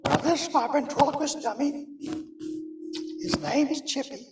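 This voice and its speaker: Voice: high-pitched, moderate pace, far from the mic, loud music behind the voice, close to an everyday voice. A puppeteer voicing a boastful young male monkey puppet in a church skit, showing off his silly ventriloquism act. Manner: show-off, silly, proud of himself. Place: church sanctuary.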